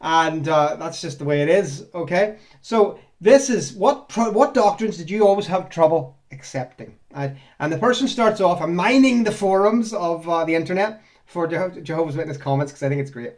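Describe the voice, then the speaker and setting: A man's voice: a little high, normal speed, a little mellow. A man, chatting sarcastically as he reads out and answers viewer comments, rambling and laughing often. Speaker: ex-Jehovah's Witness vlogger. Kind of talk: casual commentary on reader comments.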